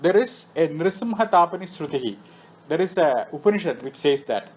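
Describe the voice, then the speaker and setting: A man's voice: a little high, expressive, a little fast, darkish tone, husky, poor audio. A man lecturing on Vedic philosophy who recites Sanskrit terms and then explains them, often asking himself a question and answering it. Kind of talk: scripture lecture. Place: temple meeting room.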